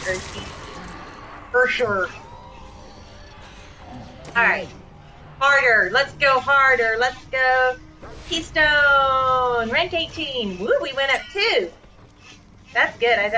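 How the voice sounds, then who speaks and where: Chatty bubbly lady gamer streaming, higher voice, game music going behind. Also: takes it slowly, pauses often. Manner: excitable and chatty, squealing at wins. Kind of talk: live gameplay commentary.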